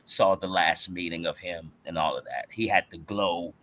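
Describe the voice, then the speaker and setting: A man in casual podcast talk, an animated storyteller who uses slang and acts out other people's voices. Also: sits low, normal speed, a little hiss or hum. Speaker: podcast guest. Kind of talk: casual chat.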